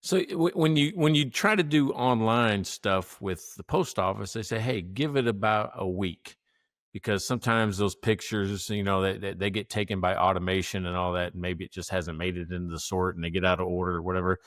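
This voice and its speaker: A man co-hosting a podcast, telling a story in a casual, animated way, acting out what people said and laughing often. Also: sits low, fairly quick, no echo, studio quality. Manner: animated, acts out quotes, laughs often, swears. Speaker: podcast co-host.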